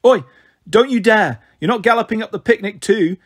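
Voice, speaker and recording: A man voicing a brisk, friendly young woman in a read-aloud story, apologetic in manner. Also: high-pitched, big pitch swings.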